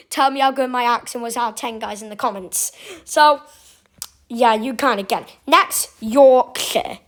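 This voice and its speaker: A woman's voice: sits high, animated, normal speed. A young woman vlogging to camera in a rambling, chatty way, full of fillers and restarts. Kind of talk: casual chat to camera.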